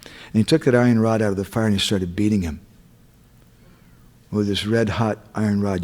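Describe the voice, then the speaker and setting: A man's voice: on the low side, fairly quick. Man telling stories in a sermon. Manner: acts out quotes, checks in with listeners. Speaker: speaker at a temple. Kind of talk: storytelling sermon.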